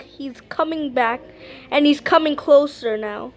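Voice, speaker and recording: A woman's voice: sits high, unhurried. A young woman commenting on a video game she plays, playful and pleading in mock fright. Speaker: gamer.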